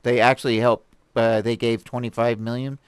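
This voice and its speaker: A man hosting a stream and reading articles aloud, rambling and animated, with many fillers, restarts and laughs. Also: mid-range voice, moderate pace, smooth, no echo. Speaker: host reviewing articles. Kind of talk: casual commentary on a live stream. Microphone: desk mic with a stream deck.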